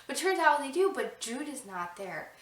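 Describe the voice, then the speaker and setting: A woman chatting casually about a book she loved, retelling the plot excitedly with lots of "I'm like" asides. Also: high voice, moderate pace. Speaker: book reviewer. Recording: roomy echo, distant mic.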